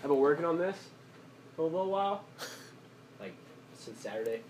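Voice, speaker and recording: A young man chatting as a podcast guest, telling rambling, animated stories full of fillers. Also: on the high side, brisk, slight background noise. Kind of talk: casual chat.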